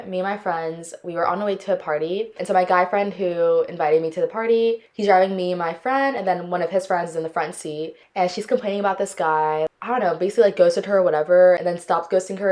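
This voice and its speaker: A young woman in her twenties hosting a podcast, telling dating stories in casual chat and dramatically acting out the people in them. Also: on the low side. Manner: expressive, dramatic, acts out quotes. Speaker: podcast host.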